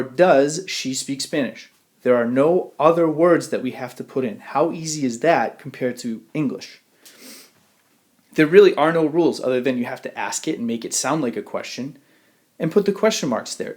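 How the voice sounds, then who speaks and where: A man teaching Spanish over a screencast at an ordinary, mid-height pitch. He talks through the grammar step by step, asks rhetorical questions and slows right down to model each example phrase. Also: a little mellow. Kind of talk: screencast lesson.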